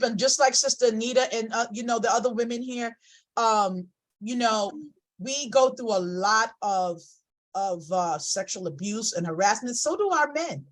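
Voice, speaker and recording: A woman's voice: a little high, normal speed, rough recording. A woman hosting an online poetry gathering over a video call, effusive and emotional, with frequent exclamations. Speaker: host of an online poetry event. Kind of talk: casual chat.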